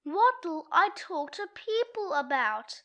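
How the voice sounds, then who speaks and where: A jittery, wisecracking sixth-grade boy, read aloud from a comic book by a woman doing his lines. His very high, bright voice stays self-conscious. He gets his jokes out unhurried. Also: big pitch swings, exaggerated voice. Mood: nervous.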